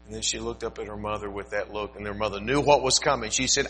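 An older male pastor preaches with a husky, slightly rough voice. His tone is bright and sharp. He tells stories in a folksy way, breaks off for asides, and pushes his voice up for emphasis. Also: lowish voice, fast talker, low-quality recording. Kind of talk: sermon.

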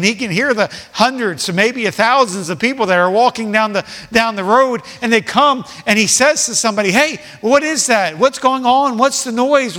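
Guy preaching hard, bright forceful voice, goes quiet then loud, repeats himself a lot. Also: high voice, in a large hall. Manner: impassioned, repetitive, swings between soft and loud. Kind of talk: sermon.

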